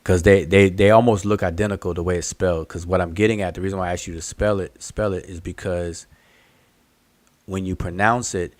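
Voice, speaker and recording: Over a video call, a man hosts a casual online study group hangout, explaining things patiently and thinking out loud. His deep voice is steady and fairly quick, with no room sound.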